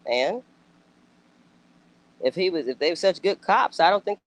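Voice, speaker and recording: A woman with a lowish voice keeps a measured pace as she chats casually, reacting like a commentator. She's blunt, emphatic and often profane, with animated outbursts and rhetorical questions. The audio is poor.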